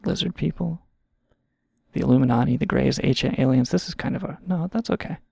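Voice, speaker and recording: A man's voice: medium pitch, brisk, gravelly, mellow, husky, no room sound, clean studio sound. A man hosting a show, ranting in a rambling, sarcastic and profane way. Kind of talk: casual comedic rant.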